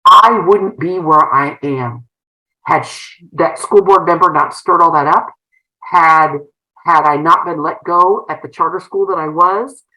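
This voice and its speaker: A middle-aged woman with a low but bright, forceful voice recounts a painful chapter of her life as an interview guest. She speaks earnestly and emotionally, circling back with fillers and restarts as she goes. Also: a little slow, rough recording. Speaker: guest, former school principal turned entrepreneur. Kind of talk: personal storytelling in an interview.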